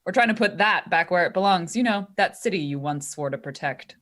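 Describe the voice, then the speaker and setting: A woman's voice: fairly low pitch, expressive, fairly quick, fairly bright tone. A woman playing a tabletop game, making pointed, wry remarks. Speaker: player.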